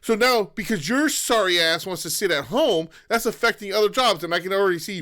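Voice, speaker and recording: A man's voice: sits high, expressive, a little fast, bright, forceful tone. A man co-hosting a podcast, giving blunt, profane opinions in casual chat. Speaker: podcast co-host.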